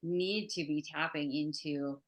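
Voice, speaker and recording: A woman guest, a psychotherapist and art teacher, speaking in a reflective, soft-spoken way. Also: sits low, fairly even intonation, measured pace. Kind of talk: interview conversation.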